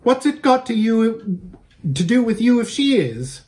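A man voicing a proud, sharp-tongued noble girl who talks in a snappish, scornful way. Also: fairly high pitch, big pitch swings, normal speed. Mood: haughty.

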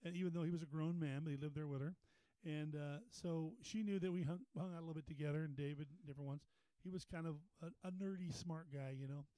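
Male pastor, high voice, folksy storyteller who builds to fervent preaching, dry close sound. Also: steady tone, quick pace, hardly any pauses, warm tone, smooth, no room sound, rough recording. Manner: folksy, repeats words, rises to a preaching pitch. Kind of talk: storytelling sermon. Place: Bible study meeting room.

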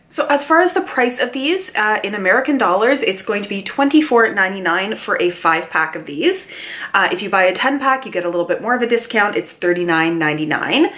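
A woman reviewing a beauty product in a casual, chatty way, reading details aloud with quick asides while sitting at home with a mild cold. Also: medium pitch, fairly bright tone. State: mild cold, mouth breathing. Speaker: beauty vlogger.

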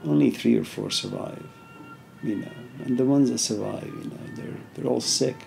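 A man's voice: medium pitch, moderate pace, vocal fry, mellow, soft background music. A man giving an informal philosophy lecture, talking conversationally with many "you know"s and story asides.

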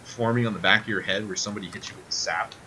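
A man running a tabletop game as game master, narrating scenes with frequent ums and pauses. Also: fairly low pitch, steady tone, sharp tone, a little hiss or hum. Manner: hesitant, many ums while describing scenes.

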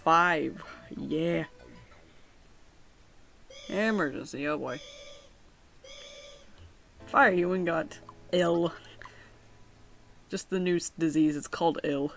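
A woman's voice: deep voice, takes it slowly, vocal fry, long pauses, a bit bright, faint music behind. A woman giving casual, joking commentary as she plays a video game, often laughing and reading game text aloud. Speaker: video game let's player.

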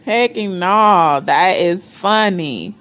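A woman's voice: fairly low pitch, expressive, drawn-out words, a bit bright. A woman giving casual reaction commentary, blunt and profane, laughing often as she gossips. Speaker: reaction vlogger.

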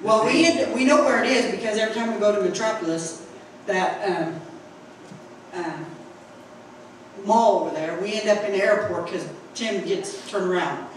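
A middle-aged woman with a Southern Indiana accent tells a folksy church testimony, acting out each quote. She sounds far from the mic in a very echoey sanctuary. Steady background noise sits under her voice. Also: medium pitch, normal speed, long pauses. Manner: folksy storytelling, acts out quotes, laughs often. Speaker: church member giving testimony.

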